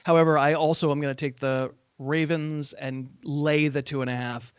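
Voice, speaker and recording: A man's voice: fairly high pitch, little pitch movement, normal speed, clean tone, no echo, highs cut off. Dry-sounding man hosting a betting show. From California. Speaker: host. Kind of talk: casual sports betting chat.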